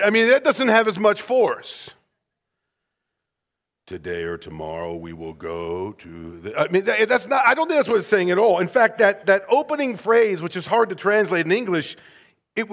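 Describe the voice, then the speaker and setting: A man preaching a sermon as pastor, conversational and animated, full of rhetorical questions. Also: sits high.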